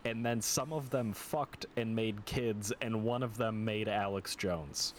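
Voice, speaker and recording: A man's voice: fairly low pitch, measured pace. Cohost guy swearing casually, lots of ums, slight hiss behind him. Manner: loose and profane, full of fillers. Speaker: podcast co-host. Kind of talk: casual chat.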